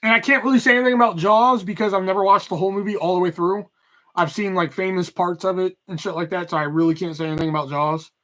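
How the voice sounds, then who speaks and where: Podcast host, male, high bright voice, loud animated ranting with lots of swearing. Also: fast talker. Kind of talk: casual profane rant.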